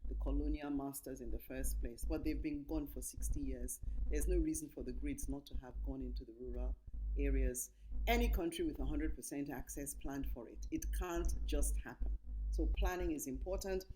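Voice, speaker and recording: A woman's voice: very deep voice, moderate pace, warm tone, slight background noise, poor audio. A middle-aged woman from Nigeria gives an emphatic conference talk over slides, repeating her key points. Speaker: conference speaker.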